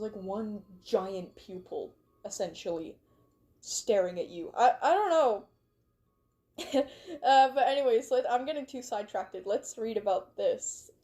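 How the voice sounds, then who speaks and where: A woman's voice: fairly high pitch, warm tone. A young woman streamer chatting casually and reading fan stories, bubbly and rambling, easily sidetracked. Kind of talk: casual livestream chat.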